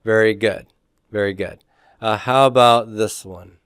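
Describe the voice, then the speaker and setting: Slow, patient male Greek teacher. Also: on the low side, steady tone, fairly bright tone, clear, resonant tone, no echo, studio quality. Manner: slow, patient, checks in with frequent "okay?". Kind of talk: classroom lecture.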